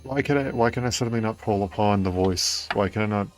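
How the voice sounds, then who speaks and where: A low-voiced man narrates his own gameplay for a stream. He talks to himself in a puzzled, self-mocking way. Faint game music runs underneath. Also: fast. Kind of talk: let's-play commentary.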